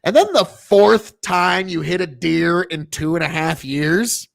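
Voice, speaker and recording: Host, male, from Nebraska. Rambling, swears constantly, high gravelly voice, close dry sound. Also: a little slow, dry recording. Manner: profane, rambling storyteller. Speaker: podcast host. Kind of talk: casual chat.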